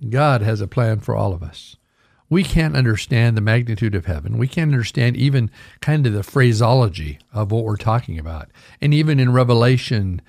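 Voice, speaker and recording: An older man, a radio pastor, giving an earnest sermon and reading scripture aloud, often calling his listeners "folks" and slowing down to stress key words. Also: medium pitch, darkish tone, no room sound, clean studio sound. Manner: earnest, addresses listeners as folks, slows for emphasis.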